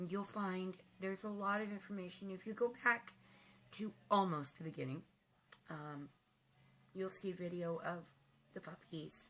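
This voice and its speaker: A woman talking to her viewers in a casual vlog, emotional and halting, with frequent ums, tearful at times. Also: on the low side, fairly bright tone. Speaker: vlogger.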